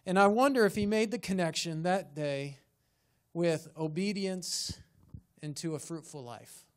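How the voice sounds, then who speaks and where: Pastor, male, fairly high voice, preaching with rhetorical questions and building emphasis. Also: measured pace. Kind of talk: sermon. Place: church sanctuary.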